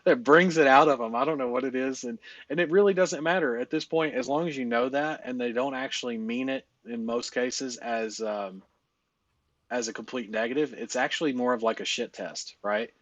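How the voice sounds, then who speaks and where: A man's voice: medium pitch, normal speed, a bit bright, no room sound, highs cut off. Blunt, swearing male coach, dry sound. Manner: blunt and profane, laughing often, with frequent fillers. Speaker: live-stream business coach. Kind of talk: casual coaching talk.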